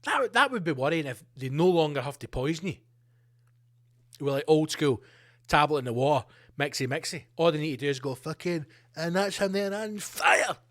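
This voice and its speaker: A man's voice: a little high, expressive, brisk, fairly bright tone. A middle-aged man hosting a solo podcast, ranting in a sweary, sarcastic way. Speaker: podcast host.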